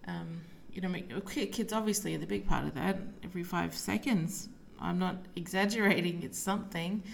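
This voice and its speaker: A woman hosting a casual solo podcast, talking while lying down at home, relaxed and rambling with many fillers. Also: lowish voice, fairly quick, vocal fry, a little hiss or hum. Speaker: podcast host and psychic medium.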